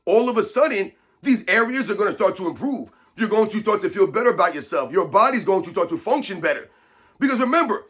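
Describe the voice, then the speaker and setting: Brief: higher-pitched male fitness host, emphatic, repetitive rant to camera. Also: a bit bright. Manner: emphatic, repetitive, keeps addressing viewers as guys. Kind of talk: opinion rant to viewers.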